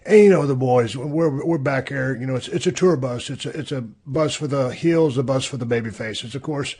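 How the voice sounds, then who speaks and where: A middle-aged man of ordinary pitch hosts a podcast and tells his own story. He talks in a relaxed way, with plenty of fillers and casual swearing. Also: normal speed, slightly rough. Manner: laid-back, profane, filler-heavy. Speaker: podcast host.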